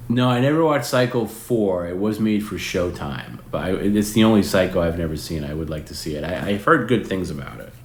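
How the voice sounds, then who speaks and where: A man's voice: deep voice, lively intonation, fairly quick, hardly any pauses. A man in his forties hosting a live stream, chatting casually with viewers in a rambling way, restarting sentences and swearing now and then. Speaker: host. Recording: roomy with faint background noise.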